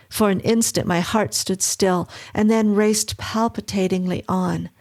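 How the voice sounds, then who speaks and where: Woman horror narrator, slow and suspenseful, gravelly low end. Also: a little mellow. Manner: measured, suspenseful reading.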